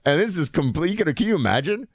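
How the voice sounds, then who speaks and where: A man's voice: fairly high pitch, sing-song, a little fast, husky, dry recording, studio quality. A man hosting a show, chatting in casual commentary with lots of fillers and restarts. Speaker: show host.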